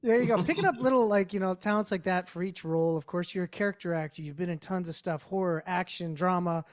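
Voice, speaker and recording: A man's voice: high-pitched, fast. Easygoing male interview host. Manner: easygoing, lots of fillers and restarts. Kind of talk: casual interview chat.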